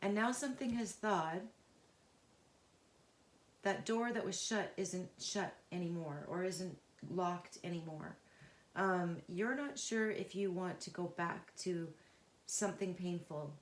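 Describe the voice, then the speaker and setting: Earnest woman tarot reader in an echoey room. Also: fairly low pitch. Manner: halting and searching, with pauses and restarts; earnest and emotionally involved. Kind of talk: unscripted intuitive tarot reading.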